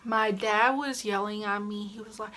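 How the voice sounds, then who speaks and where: A young woman telling a casual vlog story, animated and slangy, sometimes dropping to whispers. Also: medium pitch, normal speed. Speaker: vlogger.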